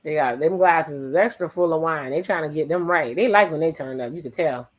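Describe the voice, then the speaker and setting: Rough recording quality carries a medium-pitched host's casual commentary on a reality dating show. Playful and teasing, the host recaps dialogue in quick asides, and the loose delivery lurches from deadpan retelling into sudden louder jokes.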